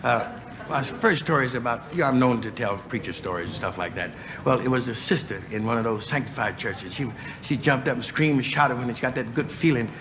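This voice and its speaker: Halting easygoing stand-up storyteller. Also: male voice, mid-range voice. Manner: halting, easygoing, many "uh" pauses. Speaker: stand-up comedian. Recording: noisy live club recording.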